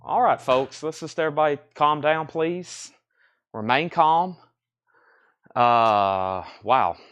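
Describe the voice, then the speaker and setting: A man's voice: a little high, slow pace, a bit bright, clean tone. A man hosting a live online vinyl record sale, calling out lots and prices in casual auction patter and repeating the details. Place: record shop.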